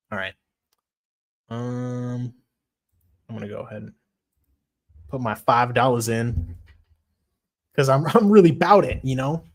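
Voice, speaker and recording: A man hosting a casual livestream chat, swearing a lot, getting excited and reading chat messages aloud. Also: medium pitch. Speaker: streamer.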